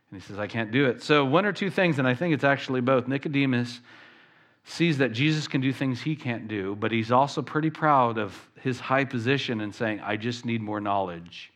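A man preaching a sermon as pastor, talking in an animated way and acting out the voices of the people he quotes. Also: mid-range voice.

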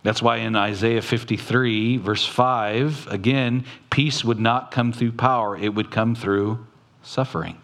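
With a steady, slightly bright tone, a man preaches as a pastor, going slowly and citing scripture. He talks to the congregation directly and plainly, with sudden jumps in pitch now and then.

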